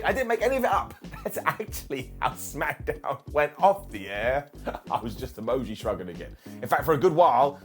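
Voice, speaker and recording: A man hosting a casual wrestling review, sarcastic, animated and joking. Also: high-pitched.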